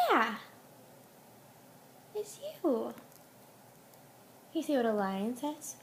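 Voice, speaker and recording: Mom cooing at her little one, high voice, slow, home camera with noise behind. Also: expressive. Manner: coaxing, sing-song baby talk. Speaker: mother. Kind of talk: talking to a toddler. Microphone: handheld camera.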